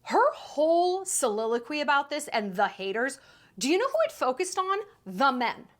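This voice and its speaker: A woman's voice: high voice, sing-song, moderate pace, a bit bright. A woman in her thirties hosting a sarcastic commentary rant, incredulous and emphatic. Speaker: commentary YouTuber.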